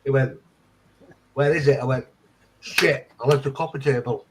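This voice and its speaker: A man's voice: mid-range voice, fairly even intonation, normal speed, background noise. A man in casual chat, swearing freely and acting out both sides of remembered conversations. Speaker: friend in conversation.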